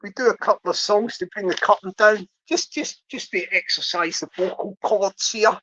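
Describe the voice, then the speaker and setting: A woman's voice: medium pitch, moderate pace, fairly bright tone. A woman hosting a livestream, chatting in a rambling way and humming bits of songs. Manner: rambling, hums and sings snatches of songs. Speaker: livestream host. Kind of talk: rambling casual chat. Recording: dull lo-fi audio.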